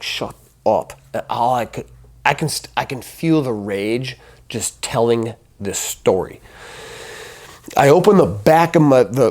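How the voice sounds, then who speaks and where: Slow, intense man telling his story. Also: medium pitch, darkish tone. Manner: intense, profane, emphatic, repeats and restarts phrases. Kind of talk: personal testimony.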